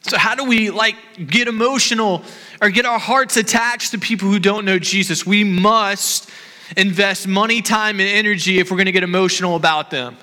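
A man in his thirties gives an impassioned sermon in a high, sharply bright voice. His earnest words carry a long reverb through a church hall. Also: normal speed. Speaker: pastor.

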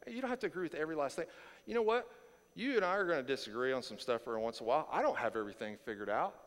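A man preaching a verse-by-verse sermon as pastor, conversational and animated, full of rhetorical questions, speaking in a church sanctuary. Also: on the high side, very fast, big-room sound. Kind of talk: expository sermon.

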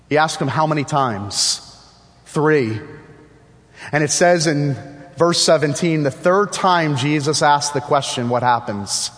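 A man's voice: mid-range voice, a bit bright, big-room sound. A man preaching a sermon with emphatic repetition and rhetorical questions.

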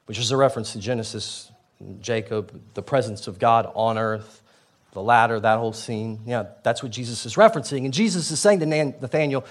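Conversational male preacher, mid-pitched. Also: fairly quick. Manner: conversational, animated, with frequent restarts and asides. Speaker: pastor. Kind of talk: sermon.

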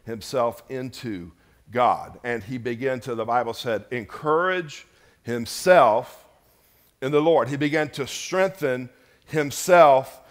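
In church, a male pastor delivers a slow sermon, climbing to loud, emphatic peaks before sinking into hushed, low lines.

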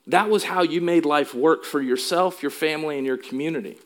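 A man's voice: on the high side, brisk, fairly bright tone. A male pastor delivering a sermon in an emphatic way, asking the congregation questions. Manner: emphatic, asks the room questions.

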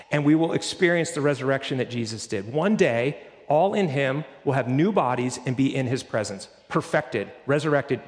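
A man's voice: fairly high pitch, big-room sound. A pastor delivering an earnest, emphatic sermon, his intensity rising and falling.

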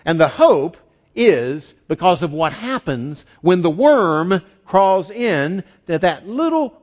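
A pastor preaching a sermon, emphatic, repeating key phrases and rising for emphasis. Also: male voice, fairly high pitch, highs cut off.

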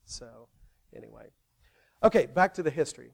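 A male pastor preaching in an animated, conversational way, playfully involving the congregation. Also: on the high side, moderate pace, gravelly. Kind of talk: sermon.

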